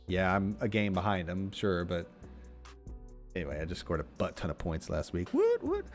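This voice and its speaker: A man's voice: deep voice, steady tone, normal speed, soft background music. A man co-hosting a podcast in casual chat, blunt, swearing casually and laughing often. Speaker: podcast co-host.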